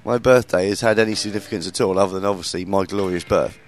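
A comedian in his late thirties hosts a podcast, telling stories in casual chat at a quick pace. He swears freely and mimics people in a high voice.

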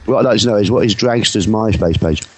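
A man's voice: on the low side, fast, husky, low-quality recording. A man co-hosting a casual music podcast, cheeky and swearing as he chats with his mouth full. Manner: cheeky, swears, talks while eating. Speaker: podcast co-host. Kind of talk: casual radio banter. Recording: music playing behind.

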